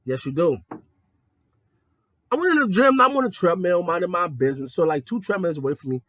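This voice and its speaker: A young adult man telling profane stories in a casual monologue, jumping between high excited tones and low mocking ones. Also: fairly quick, no room sound, clean studio sound. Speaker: podcast host.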